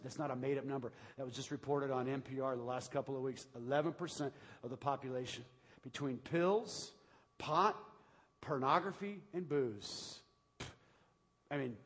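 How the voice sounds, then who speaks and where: A man preaching a sermon as pastor, going from hushed talk to shouted preaching in a large church. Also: mid-range voice, moderate pace, husky. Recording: long hall reverb.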